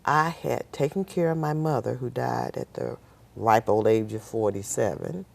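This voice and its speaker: A woman's voice: extremely low pitch, steady tone, moderate pace, vocal fry, a little mellow. A woman telling her life story as a guest on a talk show, bringing in the voices of the people in her account. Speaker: nurse. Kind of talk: personal storytelling.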